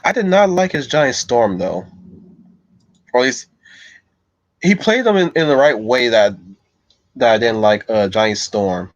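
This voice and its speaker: A man's voice: mid-range voice, animated, a little slow, long pauses, no echo. A man rambling casually on a livestream, often stammering and repeating words, in a dull, dry recording. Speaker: streamer.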